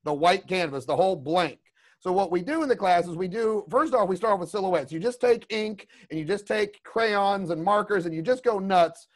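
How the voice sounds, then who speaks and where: A man with a high-pitched voice and a moderate pace teaches a creature design class over a video call. His casual online class talk is chatty and rambling, full of asides and plenty of "you know what I mean."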